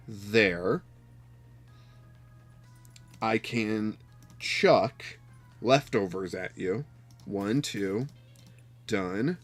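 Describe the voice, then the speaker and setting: A man giving live gameplay commentary on a card game, talking to his opponent with exasperated outbursts and quiet muttered counting. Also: fairly low pitch. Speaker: card game player and streamer.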